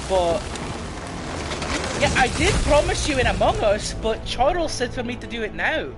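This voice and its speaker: Guy doing a big cartoony scottish accent, pitched up, loud and hammy. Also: very animated, normal speed, loud music behind the voice. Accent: put-on Scottish. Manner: playful, over-the-top caricature. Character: exaggerated Scottish-accented man, caricatured.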